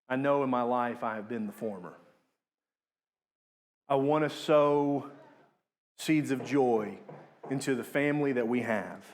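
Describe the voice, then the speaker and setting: Delivering a sermon, a young man speaks earnestly, building to emphatic highs and sinking low on important words.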